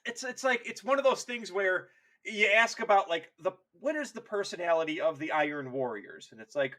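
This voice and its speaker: A man's voice: sits high, animated, fairly quick, bright, forceful tone. A man co-hosting a podcast in casual comedic chat, rambling and swearing, often slipping into silly voices. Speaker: podcast co-host.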